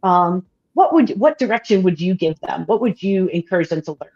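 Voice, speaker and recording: A woman's voice: lowish voice, lively intonation, fairly quick, soft background music. A woman hosting a science livestream, asking questions and thanking the audience with enthusiasm. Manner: enthusiastic, warm interjections. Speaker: livestream host. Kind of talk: livestream interview. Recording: dull, muffled audio.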